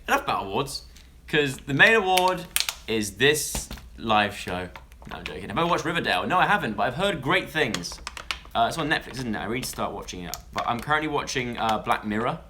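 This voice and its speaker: A man's voice: medium pitch, noisy background. A young man from England chatting casually on a live stream, rambling and interrupting himself as he talks to viewers.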